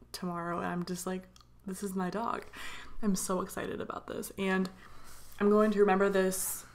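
Excited young woman rambling in a vlog voiceover. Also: medium pitch. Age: young adult. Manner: excited rambling with many fillers. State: tired. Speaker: vlogger. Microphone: voiceover mic.

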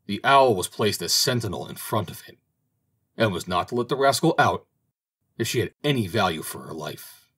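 Male audiobook narrator, expressive fairy-tale reader, husky lower voice. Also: normal speed. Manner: expressive, dramatic reading. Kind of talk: storybook narration.

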